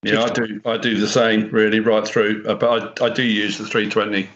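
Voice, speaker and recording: A man's voice: lowish voice, flat delivery, moderate pace, a bit bright, muffled recording. A laid-back man chatting as a guest on a live stream, teasing and chuckling. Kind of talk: casual live-stream banter.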